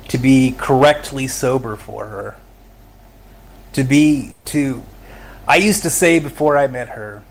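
A middle-aged man, a podcast guest, telling his own story of recovery in a candid, emotional way, often laughing as he talks. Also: medium pitch. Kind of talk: personal recovery story in conversation.

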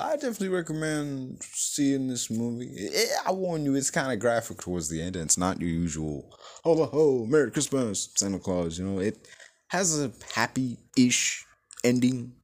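A man hosting a casual movie review, excitable and profane, with lots of "like" and "you know". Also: mid-range voice, moderate pace.

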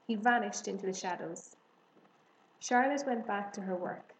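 A woman narrating a children's storybook in a measured, gentle manner. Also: medium pitch. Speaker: audiobook reader. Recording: roomy echo, faint hiss.

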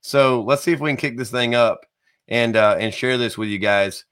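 A man's voice: mid-range voice, normal speed, clear, resonant tone. Man, live-stream host, rambling, jokey, casual. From American South. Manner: chatty, rambling, jokey shout-outs. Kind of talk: live-stream show hosting.

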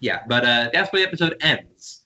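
A man's voice: medium pitch, animated, brisk, bright, forceful tone, low-quality recording. A man co-hosting a podcast, chatting casually through an episode recap, laughing often and acting out quoted lines. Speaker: podcast co-host.

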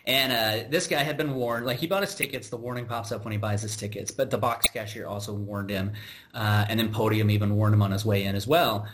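With background noise behind him, an American podcast host brisk in pace and steady in tone tells a work story. His lowish voice rambles in exasperation, full of restarts and asides, in a casual storytelling way.

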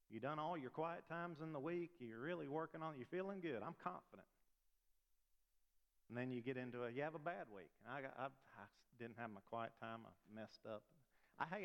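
A man preaching a sermon as pastor, in a conversational way full of rhetorical questions. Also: medium pitch. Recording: long reverb of a large hall.

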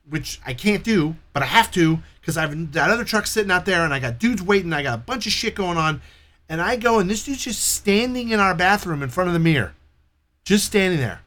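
A man telling a story in casual chat, animated and profane, acting out the people in it. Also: sits high, moderate pace. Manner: profane, animated retelling with quoted dialogue.

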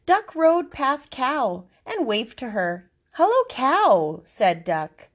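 A woman reading a picture book aloud, expressive, giving each animal its own voice. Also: a little high, takes it slowly. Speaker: storybook reader.

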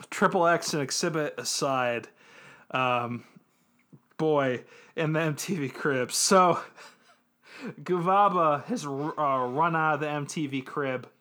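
A man's voice: fairly high pitch, sharp tone, clear, resonant tone. A man on a podcast, casually recapping an episode, rambling with lots of ums and little laughs. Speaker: podcast co-host.

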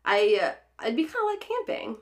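A woman's voice: on the high side, sing-song, brisk. A woman co-hosting a podcast, chatting casually, rambling a little and giggling often. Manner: giggly, rambling, self-correcting. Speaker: podcast co-host. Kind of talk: casual chat.

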